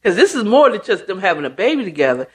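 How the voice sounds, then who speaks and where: A woman's voice: mid-range voice, big pitch swings, fast, husky. A woman host casually retelling a book's plot in a chatty, slangy way, with asides to the listener. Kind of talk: casual storytelling recap.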